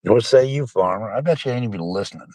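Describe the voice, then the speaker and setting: A man's voice: lowish voice, animated, fast, darkish tone, dry recording. Drawling, profane middle-aged man streaming. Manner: profane, drawling, addresses chat as folks. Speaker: live streamer. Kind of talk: casual rambling live-stream talk.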